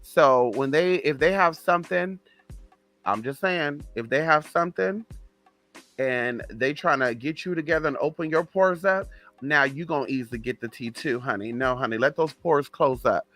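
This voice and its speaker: With faint music playing behind him, a young Southern man runs a casual live stream at normal speed in a fairly bright tone. He's sassy and flamboyant, addresses his viewers as "honey," and drops into low, muttered asides.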